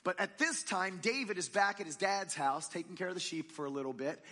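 A man preaching a sermon in a church, telling a story in a lively, conversational and humorous way. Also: high-pitched, fairly quick, big-room sound. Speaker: pastor.

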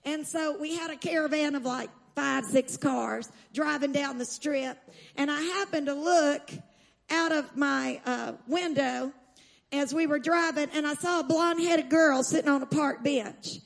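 A woman preacher telling a story in a sermon, emphatic and slowing down to stress key lines, calling on the audience to respond. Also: high voice, gravelly. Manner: urges the audience to respond aloud.

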